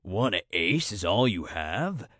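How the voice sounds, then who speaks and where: An amiable, hulking cat-bear creature, as a male narrator puts him on speaks in a low, slow, good-natured drawl. The timbre is set apart from the narrator's own voice, and the audiobook recording is dry and close. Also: big pitch swings, fairly bright tone, dry recording, heavily acted. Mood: amused.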